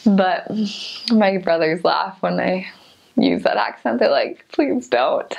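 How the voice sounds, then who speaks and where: A woman's voice: lowish voice, takes it slowly, creaky, a little mellow. A young woman chatting casually about places she has lived, giggling often and filling her talk with "like". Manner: chatty, giggly, many "like" fillers. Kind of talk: casual storytelling. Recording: slightly dull lo-fi sound.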